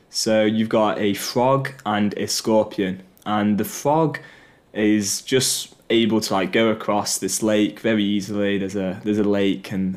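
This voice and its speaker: Man, podcast host, low voice, earnest, encouraging. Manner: earnest, encouraging, some repeated words. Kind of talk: solo motivational podcast talk.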